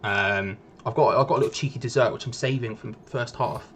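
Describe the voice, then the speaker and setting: Chatty young football fan. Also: male voice, medium pitch, fast, slight background noise. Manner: chatty, playful, repeats himself for effect. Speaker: co-host of a football fan watch-along. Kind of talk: casual live-stream chat.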